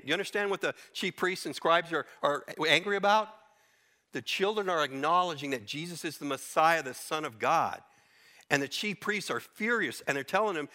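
A middle-aged man delivers a sermon in a bright, forward voice. He teaches earnestly through scripture, speaking off the cuff with small restarts along the way. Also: on the high side, normal speed. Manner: earnest, unscripted Bible teaching, with restarts and quoted verses. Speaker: preacher.

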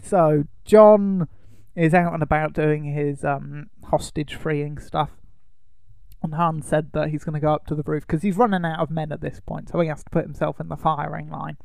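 A man's voice: fairly high pitch, gravelly, a little mellow, dry recording, studio quality. A man co-hosting a podcast, retelling a film's plot in casual chat with jokes and laughs. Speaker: podcast co-host.

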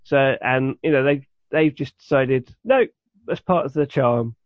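A male podcast co-host speaks at a measured pace in a medium-pitched voice. His casual chat wanders, with lots of fillers and restarts. The recording, free of room sound, is dull and lo-fi.

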